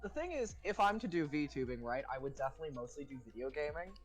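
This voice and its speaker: A man's voice: fairly high pitch, animated, quick pace, faint music behind, low-quality recording. A trans man whose voice is dropping and cracking on testosterone, chatting casually and swearing on a live stream. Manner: rambling, swears a lot.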